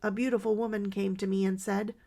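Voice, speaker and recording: A woman reading as a dying woman in her fifties, begging for prayer and confessing an old wrong. The voice is gravelly and breaks upward when pleading, as in a storybook audiobook. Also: mid-range voice, level tone, brisk, dark tone, natural voice.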